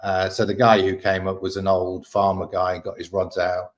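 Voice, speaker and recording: A man with a very low voice and an Australian accent, talking casually as a guest. He tells his stories in a relaxed, candid way and swears now and then. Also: moderate pace. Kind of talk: casual storytelling chat.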